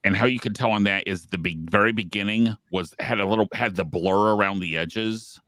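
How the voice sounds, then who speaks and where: A man co-hosting a podcast in casual chat, relaxed and matter-of-fact. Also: fairly low pitch, brisk, no room sound. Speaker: podcast co-host.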